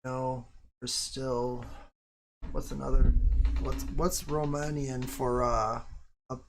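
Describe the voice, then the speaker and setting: A man's voice: medium pitch, little pitch movement, slow pace, creaky, slight background noise. A young man chatting casually on a live stream, rambling and swearing freely, with self-mocking asides.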